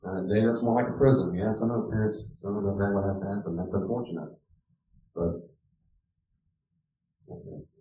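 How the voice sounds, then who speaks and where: A middle-aged man lectures in a mellow, warm voice, slipping into folksy stories and repeating himself for emphasis. He stands well back from the microphone in a roomy space. The dull archive recording takes the edge off his voice. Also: on the low side, fairly even intonation, fairly quick, long pauses, far from the mic. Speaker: teacher giving a parenting talk.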